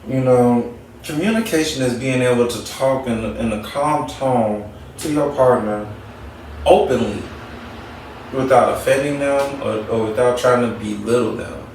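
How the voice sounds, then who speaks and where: Slow easygoing guy giving relationship advice, keeps repeating himself, sounds far off in a really echoey room, faint hum behind. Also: medium pitch, darkish tone. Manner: conversational, preachy, repeats points for emphasis. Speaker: talk show host. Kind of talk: casual advice talk. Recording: echoey room, mic at a distance.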